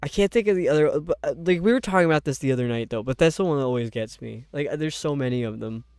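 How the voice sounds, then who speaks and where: A man's voice: on the high side, a little mellow, clean tone, dry recording, studio quality. A young man from upstate New York with a light New York accent, a game streamer chatting casually and rambling with viewers. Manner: rambling, chatty, quick laughs. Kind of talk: casual chat with viewers while gaming.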